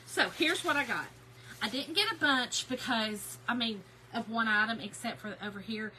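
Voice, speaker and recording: A woman hosting a casual craft haul livestream, chatty and excitable, greeting viewers by name. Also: on the high side, normal speed, slight background noise, low-quality recording. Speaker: craft channel host.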